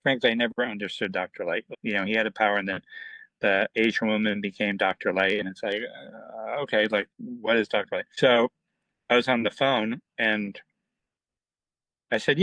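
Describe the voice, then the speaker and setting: Bright, animated middle-aged man. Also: lowish voice, moderate pace, dry recording, rough recording. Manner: animated, acts out quoted dialogue, many fillers. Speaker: comic book writer, guest. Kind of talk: casual storytelling interview.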